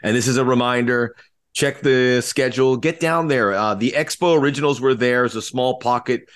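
Man, podcast co-host, middle pitch, upbeat, joking, filler-heavy casual chat. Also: moderate pace, smooth.

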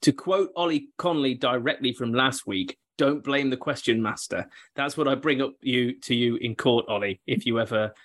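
A man's voice: mid-range voice, normal speed, few pauses, fairly bright tone. A man hosting a football podcast, ad-libbing in a playful, mock-grand way. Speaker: podcast host. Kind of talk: casual podcast banter.

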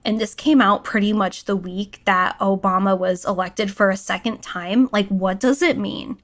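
A woman's voice: mid-range voice, fairly even intonation, moderate pace. A woman co-hosting a casual book-discussion podcast, musing wryly with many asides. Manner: musing, wry, lots of "like" and "right?". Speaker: podcast co-host.

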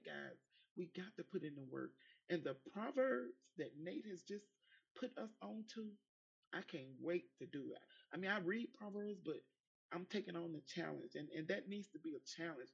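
A woman's voice: fairly low pitch, creaky, breathy edge, muffled recording. A woman giving an emphatic, rambling personal testimony in an online audio chat room, with many restarts.

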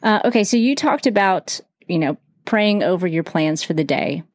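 A woman hosts a podcast interview in a chatty, affirming way, leaning on fillers as she thinks aloud. Her voice sits slightly low. The sound is dry and close. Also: animated, moderate pace, dry recording. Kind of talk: casual interview chat.

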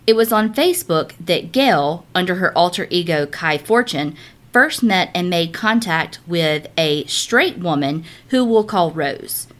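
A woman co-hosting a podcast, reading listener stories aloud in an animated, casual way, swearing now and then. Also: on the low side, measured pace. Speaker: podcast co-host.

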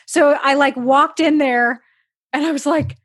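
Animated tinged woman telling stories. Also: high voice, measured pace, no echo, clean studio sound. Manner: animated storyteller, acts out quotes, swears, laughs often. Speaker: podcast host. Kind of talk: casual chat.

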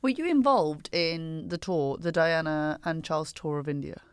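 A woman's voice: sits low, normal speed, clear, resonant tone, no echo. A woman hosting a podcast, asking a guest questions in a polished way. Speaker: podcast host. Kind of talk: interviewing a guest.

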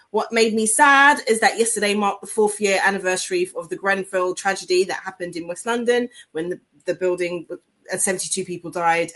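Woman, mother, podcast co-host, brisk, matter-of-fact, casual chat. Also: fairly low pitch, a bit bright. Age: adult with a child.

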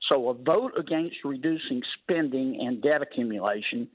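A man's voice: medium pitch, moderate pace, husky, dry recording. A man, a senator guesting on a talk radio show, talking in a folksy, wry way with colorful sayings. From Louisiana. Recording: phone-line call-in.

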